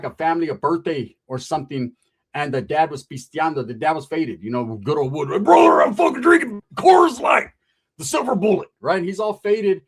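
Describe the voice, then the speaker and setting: Man, podcast guest, fairly high voice, casual profane storyteller. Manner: profane, slangy, streetwise; animated, drawn-out telling with frequent "right?".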